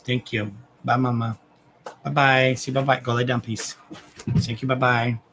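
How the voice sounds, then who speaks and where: Guy doing psychic readings live, gravelly voice, rambly and sweary, faint noise behind him. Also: mid-range voice, flat delivery, moderate pace, fairly bright tone, low-quality recording. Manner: chatty and rambling, swears, talks to his pets. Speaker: psychic reader hosting a live stream. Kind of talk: casual live-stream chat.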